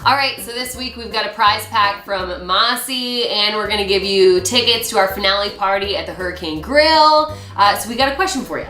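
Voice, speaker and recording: A woman's voice: medium pitch, fairly quick, few pauses, bright, forceful tone, roomy sound, faint music behind. A woman co-hosting a casual recap chat, joking and sarcastic, acting out quotes. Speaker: radio co-host.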